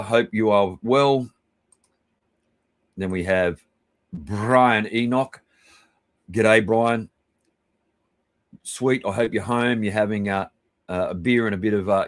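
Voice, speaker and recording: An Australian man hosting a live stream, giving rambling, chummy shout-outs to viewers and swearing casually. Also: fairly low pitch, dry recording. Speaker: livestream host.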